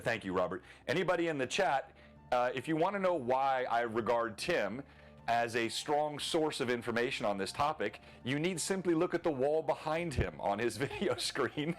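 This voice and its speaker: A man's voice: mid-range voice, lively intonation, normal speed, faint music behind. A man hosting a live tabletop lore stream, chatting casually with many filler words and easy laughs.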